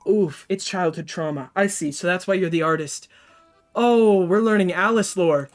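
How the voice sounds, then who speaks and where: A woman's voice: on the low side, moderate pace, faint music behind. A woman streamer reading a story game aloud and making wry, chatty asides to her viewers.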